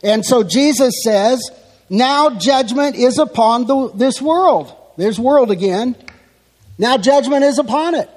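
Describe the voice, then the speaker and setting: A man preaching a sermon, teaching slowly and with emphasis as he works through a passage. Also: extremely high pitch, lively intonation, darkish tone, long reverb tail. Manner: slow, emphatic expository teaching.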